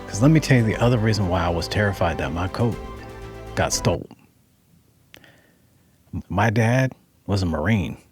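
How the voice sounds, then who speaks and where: Middle-aged man from Ohio, husky and low, lively storyteller. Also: dry recording. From Dayton, Ohio. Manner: animated, conversational, acts out quotes. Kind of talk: personal storytelling.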